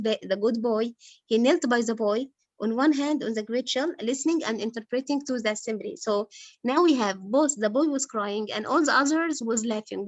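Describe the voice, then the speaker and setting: Enseignante, arabe, voix assez aiguë, son sec et proche : explique un roman à sa classe avec patience, pose des questions aux élèves. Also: female voice, a little high, dry recording. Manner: patient, quizzes pupils, many fillers like "like". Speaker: English literature teacher. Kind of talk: explaining a novel to a class.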